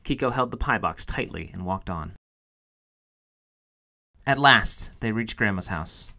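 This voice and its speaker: A man's voice: low voice, moderate pace, vocal fry, pushed and bright. A man reading a children's picture book aloud for a museum storytime, telling it expressively. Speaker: storytime reader.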